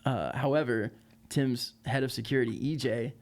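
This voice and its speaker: A man telling a tour story as a podcast guest, lively and laughing, with lots of fillers. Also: mid-range voice, normal speed. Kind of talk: casual storytelling.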